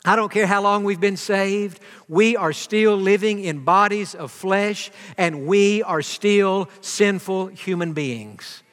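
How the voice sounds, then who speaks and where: A man in his fifties delivers a sermon in a high voice. He is earnest, circling back and repeating words as he builds each point. His voice rings with the long reverb of a church hall. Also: slow, few pauses, a bit bright. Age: 50s. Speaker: preacher.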